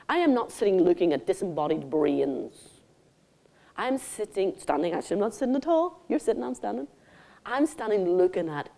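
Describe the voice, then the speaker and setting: An older woman delivers a keynote speech on a conference stage. Her voice sits low and mellow, and her delivery is theatrical and intimate, full of endearments for the audience. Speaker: keynote speaker.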